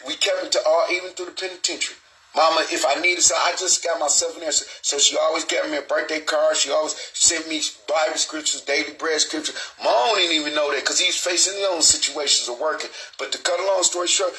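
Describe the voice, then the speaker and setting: A man's voice: on the high side, fairly even intonation, fast talker, sharp tone, poor audio. A middle-aged man hosting a live online show, talking in a rambling, streetwise way and swearing freely. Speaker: show host. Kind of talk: casual live stream talk.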